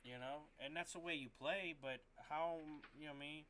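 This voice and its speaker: A man's voice: on the high side, normal speed, sharp tone, a little hiss or hum. A man streaming a game, ranting to his chat in a rambling, frustrated way, swearing often and restarting his sentences. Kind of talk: casual rant to stream chat.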